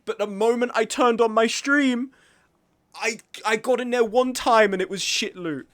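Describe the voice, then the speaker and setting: A man's voice: very high-pitched, moderate pace, fairly bright tone. A man streaming a video game, ranting in an exasperated, self-mocking way about other players and his own bad luck. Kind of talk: casual gaming stream chat.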